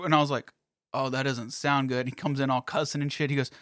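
Brief: man, slightly higher voice, quick animated storyteller, dry close sound. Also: no echo. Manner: animated anecdote telling. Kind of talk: casual storytelling chat.

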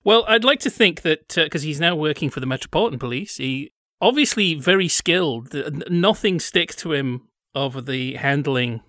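A man's voice: a little high, animated, moderate pace, few pauses, bright, forceful tone, no room sound, clean studio sound. A man chatting casually as a podcast co-host, telling wry, digressive stories. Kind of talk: casual chat about old British TV.

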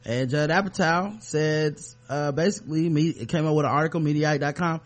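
A man's voice: a little high, brisk, few pauses. A man hosting a podcast in a loose, rambling way, full of ums and you-knows. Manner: rambling, lots of fillers, laid-back. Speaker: podcast host. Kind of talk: casual podcast chat.

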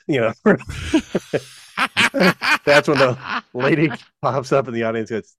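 A man's voice: sits low, fairly quick, dry recording, clean studio sound. A man co-hosting a podcast, telling a rambling anecdote in casual chat and laughing at his own story. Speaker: podcast co-host.

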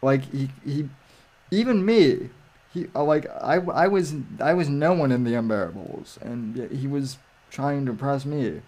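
A man chatting casually on a livestream, rambling with frequent restarts and halting phrases. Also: medium pitch, a little mellow. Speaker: livestream guest. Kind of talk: casual chat.

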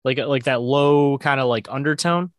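A man's voice: medium pitch, moderate pace, dry recording, studio quality. A man hosting a podcast, asking tentative, searching questions. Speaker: podcast host. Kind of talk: casual interview.

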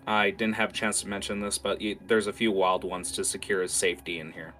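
A man's voice: low-pitched, level tone, a little fast, pushed and bright, faint music behind. A young man narrating as game master in a casual way, with lots of fillers. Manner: casual, many fillers and restarts.

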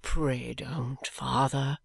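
A reader doing a meek young son, soft and pleading. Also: medium pitch, a little slow, dry recording, clean studio sound. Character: meek young man, dutiful submissive son. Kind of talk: audiobook character reading.

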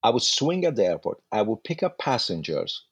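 A man, a guest actor, telling lively anecdotes and acting out dialogue. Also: on the low side, fairly quick, breathy edge, no room sound. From Iran. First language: Farsi. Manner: animated anecdotes with acted-out dialogue. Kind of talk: casual storytelling.

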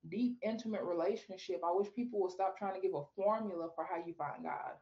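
Animated woman telling her faith story. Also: brisk, dull audio. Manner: animated storyteller, acts out quoted talks with God in a high voice. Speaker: podcast guest. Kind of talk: casual faith interview.

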